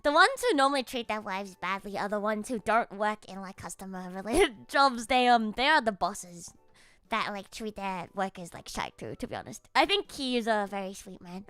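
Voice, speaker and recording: A woman streamer telling a story to her chat in a casual, animated way, swearing often and laughing a lot. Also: fairly high pitch, clean tone, no echo.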